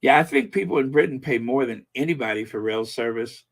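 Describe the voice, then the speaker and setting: Talking fairly quickly in a mid-range voice, this man runs a laid-back live stream. He muses as he chats, reads out comments from viewers, and often stumbles with fillers and restarts.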